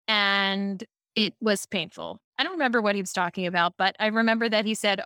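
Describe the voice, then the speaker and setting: A woman from Baltimore, a speaking coach, telling lively stories as a podcast guest. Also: medium pitch, fairly quick, hardly any pauses, smooth, dry recording, studio quality. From Baltimore, USA. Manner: lively storyteller, animated asides. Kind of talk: casual podcast interview.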